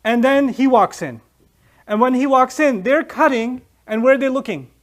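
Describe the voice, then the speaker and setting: A man giving a lively Quran lecture, acting out scenes from the story and laughing along the way. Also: very high voice, moderate pace. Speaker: Islamic lecturer.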